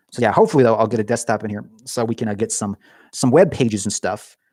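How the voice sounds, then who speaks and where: A man's voice: lowish voice, mellow, no room sound. A man chatting on a casual livestream from his cold garage, rambling and joking at his own expense. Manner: rambling, jokey, self-mocking. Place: home garage.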